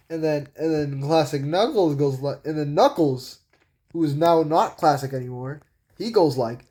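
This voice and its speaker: A man's voice: a little high, normal speed, a little mellow. Rambling man retelling his comic. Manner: rambling, repeats "and then" a lot. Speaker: comic creator. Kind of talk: casual storytelling walkthrough.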